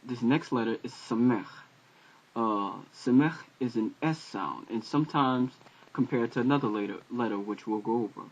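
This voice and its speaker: Man, mid-pitched, unhurried hesitant teacher, repeats sounds aloud; muffled lo-fi home recording. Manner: slow, hesitant, with fillers and repeated letter sounds. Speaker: language teacher. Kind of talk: casual recorded lesson. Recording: dull lo-fi home video audio.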